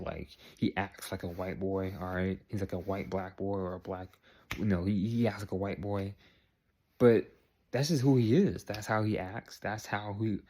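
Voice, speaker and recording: A man's voice: lowish voice, dark tone. A man vlogging in a casual, rambling way, repeating phrases and checking in with the viewer. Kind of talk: casual talk to camera.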